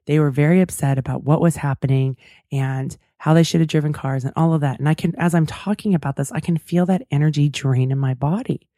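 A woman's voice: low-pitched, fairly quick, dark tone, no room sound, clean studio sound. A woman hosting a talk show, telling a personal story in a chatty, reflective way with lots of asides. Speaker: podcast host. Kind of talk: casual storytelling monologue.

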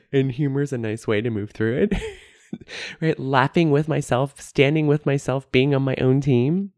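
A woman's voice: extremely low pitch, gravelly, dark tone, no echo, clean studio sound. A woman hosting her own podcast, talking candidly about feelings, often laughing at herself and repeating key phrases. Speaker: podcast host. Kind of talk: reflective solo podcast talk.

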